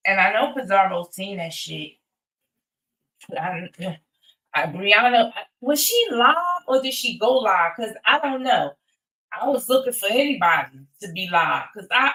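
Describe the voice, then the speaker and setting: A woman's voice: medium pitch, animated, unhurried, bright, forceful tone, echoey room. A woman chatting on a casual livestream, rambling and swearing freely as she talks straight to her viewers. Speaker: livestream host. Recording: voice a bit distant from the mic.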